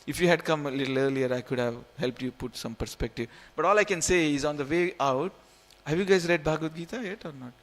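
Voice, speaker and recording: A man's voice: a little high, fast, hardly any pauses. A man in his forties, originally from India, giving an informal, jokey scripture class in a temple hall, repeating phrases and coaxing his listeners. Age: 40s. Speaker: temple speaker.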